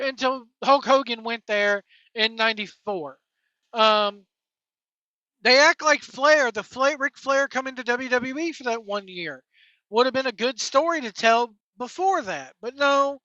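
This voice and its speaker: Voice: high voice, bright, forceful tone, no echo, highs cut off. A podcast host giving a casual, opinionated and exasperated review of a wrestling documentary, rambling from point to point.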